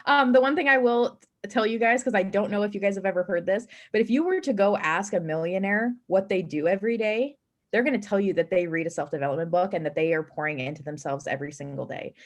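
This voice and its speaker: A woman's voice: mid-range voice, quick pace. A woman on a team video call earnestly sharing advice, with frequent fillers and restarts.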